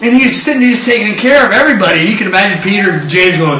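A man preaching a lively sermon with call-and-response, acting out quotes in different voices. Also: sits high, racing, few pauses, music in the background. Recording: echoey room, distant mic, dull sound.

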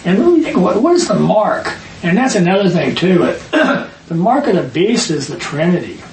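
Man, high voice, Bible study teacher, emphatic, distant mic, faint hiss. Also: sing-song, echoey room. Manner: emphatic, rapid asides, reads scripture aloud.

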